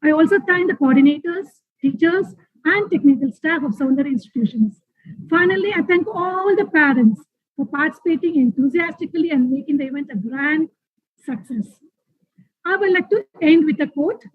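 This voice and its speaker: A woman's voice: high-pitched, lively intonation, normal speed, dry recording. A woman hosting a school webinar, giving a formal vote of thanks. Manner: formal, reads thanks and a quote. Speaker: school event host. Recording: dry, phone-like call audio.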